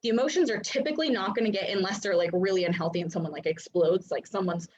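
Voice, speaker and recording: A woman's voice: mid-range voice, fast talker, a little mellow. A woman coaching in a casual, chatty teaching talk, full of filler likes and little acted-out voices. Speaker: human design coach. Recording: dull lo-fi recording.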